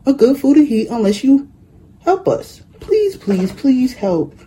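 A reader doing high begging dolls and toys. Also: very animated, unhurried, dark tone, slight background noise, poor audio. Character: pleading chorus of dolls and toys.

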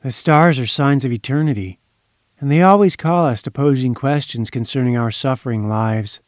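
A man reading a story aloud in a measured, solemn narration. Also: medium pitch, dry recording, clean studio sound.

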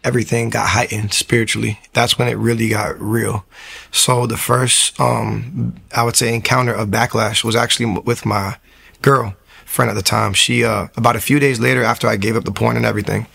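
A man's voice: medium pitch, little pitch movement, brisk, gravelly, fairly bright tone, husky. A man earnestly recounting his faith testimony in a casual, repetitive way, with many fillers. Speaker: guest giving a testimony.

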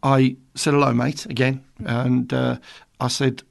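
Gravelly older man spinning yarns. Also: mid-range voice, level tone, a little slow. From Birmingham, England. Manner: rambling storyteller, self-mocking, teasing. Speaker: radio presenter. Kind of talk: chatty anecdotal radio talk.

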